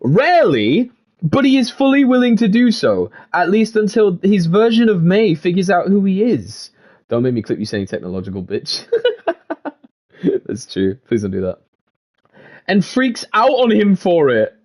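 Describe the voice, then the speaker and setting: A man's voice: high-pitched, big pitch swings, normal speed, darkish tone. A man giving gaming commentary and reading in-game text aloud, swearing freely and laughing often. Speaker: gaming video creator.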